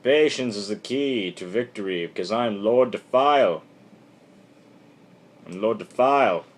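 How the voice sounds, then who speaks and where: A smug villain lord muses slowly and grandly, as a man puts him on while recapping a comic. The voice stays low and self-satisfied. The grandeur is clearly mock. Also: animated.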